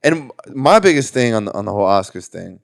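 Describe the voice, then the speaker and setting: A young man, a comedian on a podcast panel, rambling and animated as he riffs on the news. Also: lowish voice, vocal fry. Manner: animated, rambling, quick to laugh. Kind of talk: casual panel chat.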